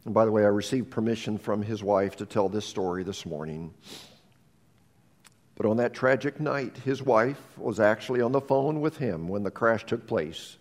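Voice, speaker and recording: A man's voice: on the low side, normal speed, darkish tone. A man preaching a sermon as pastor, telling stories earnestly and often restarting his sentences. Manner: earnest storytelling with frequent restarts. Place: church sanctuary. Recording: long reverb of a church hall.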